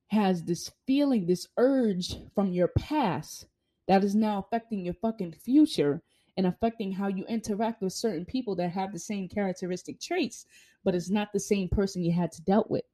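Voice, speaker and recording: Hiccuping throughout, this young vlogger speaks in a mellow, lowish voice. Her motivational monologue is blunt and profane, punctuated with rhetorical questions to hammer each point.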